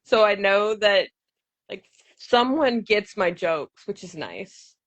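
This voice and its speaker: A woman hosts a podcast in a relaxed, playful tone, with frequent "like" fillers and a mid-range voice. The sound is dry and close to the mic. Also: medium pitch, slow pace, no room sound, muffled recording. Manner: chatty, says "like" a lot, playful. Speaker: podcast host. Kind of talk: casual podcast chat.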